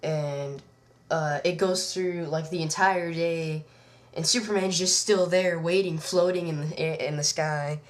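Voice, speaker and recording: A woman's voice: deep voice, steady tone, measured pace. A woman reviewing a comic book, recapping the plot in a rambling way with lots of fillers. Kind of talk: casual review vlog.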